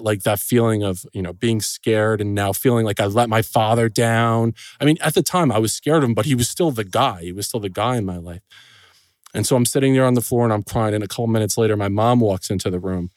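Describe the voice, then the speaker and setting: A middle-aged man as a podcast guest, telling a personal story in an earnest, emotional way with frequent pauses and restarts. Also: on the low side, no room sound, clean studio sound.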